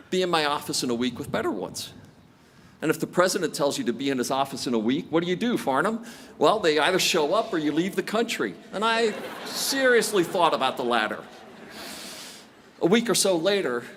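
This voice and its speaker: A man's voice: medium pitch, a bit bright, a little hiss or hum. A man in his sixties giving a commencement speech, telling stories from his career with self-deprecating jokes. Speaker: commencement speaker. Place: outdoor stadium ceremony.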